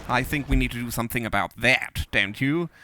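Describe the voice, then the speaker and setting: A man's voice: medium pitch, fairly quick, pushed and bright, slight background noise. A man hosting comedic gameplay commentary in a theatrical, pompous manner. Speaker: gaming host in character. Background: game music and sounds.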